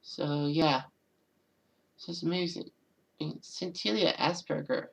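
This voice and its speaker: A woman's voice: low voice, steady tone, measured pace, gravelly, rough recording. A woman hosting her own channel, talking alone in a rambling casual way and often repeating "and all that.". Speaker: channel host. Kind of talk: casual solo commentary.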